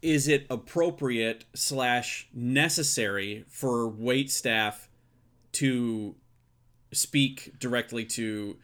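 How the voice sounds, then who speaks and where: A man in casual podcast chat, working slowly toward a question about waiting tables. He hesitates often and restarts his sentences, and his voice sits at a middling pitch. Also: fairly bright tone. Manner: hesitant, many ums and restarts. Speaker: podcast co-host, former server.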